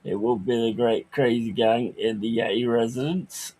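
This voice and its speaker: A man's voice: mid-range voice, steady tone, moderate pace, hardly any pauses, a little mellow, slightly rough. A man chatting on a livestream, reading chat aloud and ranting crudely with lots of swearing.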